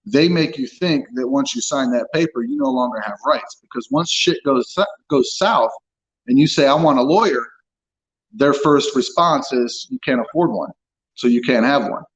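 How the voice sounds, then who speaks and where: A man's voice: mid-range voice, normal speed, muffled recording. A man telling his own story as an interview guest, blunt and frank, swearing freely as he talks. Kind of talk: candid personal account.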